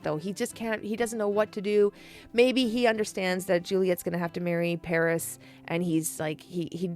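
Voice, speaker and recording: A woman casually retelling a classic play in a chatty, animated way, laughing and swearing often. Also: mid-range voice. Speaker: storyteller.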